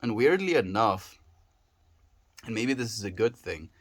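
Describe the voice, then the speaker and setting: A man's voice: fairly low pitch, very animated, a little slow. A man livestreaming, chatting casually with his viewers, reading their messages aloud and musing in a reflective way. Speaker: daily livestreamer.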